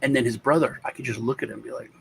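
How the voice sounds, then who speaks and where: A man's voice: medium pitch, steady tone, very fast, creaky, slight background noise, rough recording. A middle-aged man hosting a casual chat, rambling and acting out family stories in changed voices. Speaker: show host.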